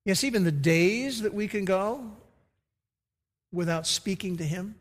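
A man's voice: high voice, normal speed. A man preaching a sermon as pastor, emphatic, acting out the quoted lines. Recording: reverberant hall.

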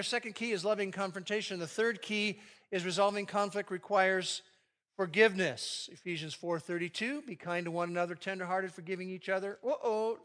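A man's voice: high voice, sharp tone. A man preaching a sermon on marriage to a live audience, acting out quoted arguments with animation. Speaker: pastor leading a marriage session.

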